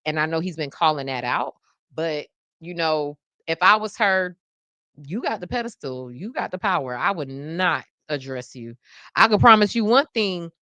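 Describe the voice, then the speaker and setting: Woman in her 30s hosting a chatty podcast, bright voice, dry close mic, slangy and animated. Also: sits low, normal speed, no echo. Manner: animated, slangy, laughs often. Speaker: podcast host. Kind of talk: casual live-stream podcast chat.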